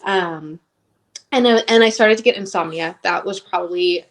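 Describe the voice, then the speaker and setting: A woman's voice: on the low side, moderate pace. A woman in her thirties telling her personal story as an interview guest, rambling and emotionally open with lots of "like".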